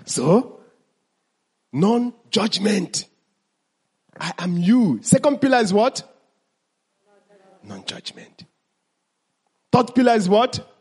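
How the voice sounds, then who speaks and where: Man, high voice, husky tone, question-and-answer teaching, slow stressed key words. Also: expressive, a little mellow. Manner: asks the audience questions and answers them himself. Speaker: mindfulness teacher. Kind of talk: teaching talk to an audience.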